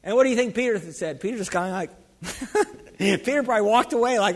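Fervent high-voiced male preacher in a hall. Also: fast. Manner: fervent, calls out to the congregation. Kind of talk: sermon. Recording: long hall reverb.

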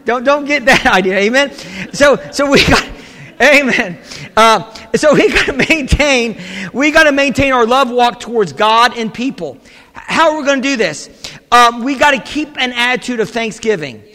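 High, bright-voiced emphatic pastor. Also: male voice, expressive, moderate pace. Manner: emphatic, repeating "amen" to the congregation. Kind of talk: sermon. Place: church. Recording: reverberant church hall.

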